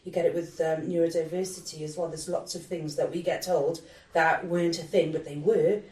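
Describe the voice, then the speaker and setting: A woman's voice: deep voice, steady tone, fairly quick, a little mellow. A woman in her thirties from the UK, speaking reflectively in a casual podcast panel discussion. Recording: roomy, distant mic.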